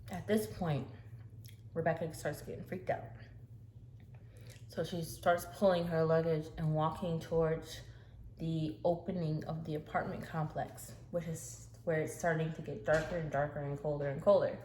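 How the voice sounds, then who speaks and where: Woman vlogger, lowish voice, chatty storytime narration, echoey room with faint hiss. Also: flat delivery, normal speed, dark tone. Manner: casual, chatty narration with fillers. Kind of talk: storytime while eating on camera.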